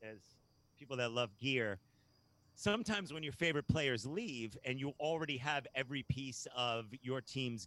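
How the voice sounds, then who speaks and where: A Hampton Roads, Virginia man appears as a guest on a laid-back podcast, his medium-pitched voice racing excitedly as he rambles, laughs often, and keeps restarting his sentences.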